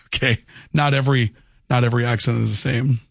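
A man's voice: medium pitch, fairly even intonation, fast talker, gravelly, no echo, clean studio sound. Chatty, opinionated male radio host. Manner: chatty, opinionated, rambling with frequent "okay?". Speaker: radio talk show host. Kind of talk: casual call-in radio talk. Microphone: studio microphone.

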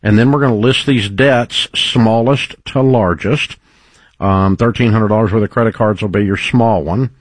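Guy hosting a call-in advice show, kinda low husky voice, dry studio sound, encouraging preachy tone. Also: normal speed, no room sound. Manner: encouraging, folksy, faith-based coaching with fillers. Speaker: radio show host.

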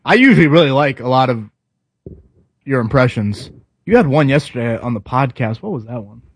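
A man hosting a morning sports talk show, chatting casually and emphatically. His pitch jumps around when he gets worked up, and he restarts sentences as he goes. The sound is close and dry. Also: fairly quick, no room sound. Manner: animated, emphatic, frequent restarts.

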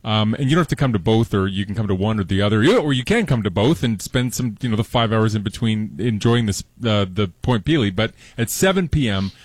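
A man's voice: on the low side, lively intonation, brisk, hardly any pauses, dry recording. A man talking as a science guest on a radio show, chatty and rambling with fillers. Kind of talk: casual radio interview.

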